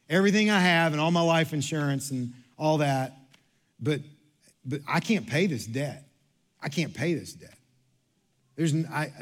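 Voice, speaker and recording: A male pastor preaching a sermon in a church, repeating himself and restarting phrases, swinging between quiet low stretches and loud passages.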